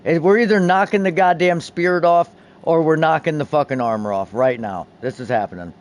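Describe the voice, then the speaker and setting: A young man streaming a video game, chatting casually and excitably, swearing often and restarting his sentences. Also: a little high, a little fast. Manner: profane, excitable, many restarts.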